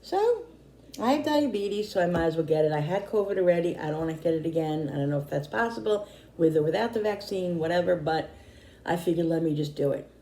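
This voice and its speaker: A middle-aged woman vlogger chatting casually to camera, rambling and repeating herself, slightly hoarse and tired. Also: on the low side, expressive, brisk, mellow, slight background noise. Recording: echoey room.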